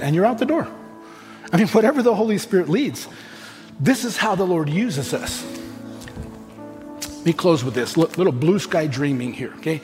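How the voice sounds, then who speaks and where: A man's voice: on the high side, animated, normal speed, long pauses. A man, a pastor preaching a sermon in a conversational way, acting out everyday dialogue as he goes. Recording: long hall reverb with faint music.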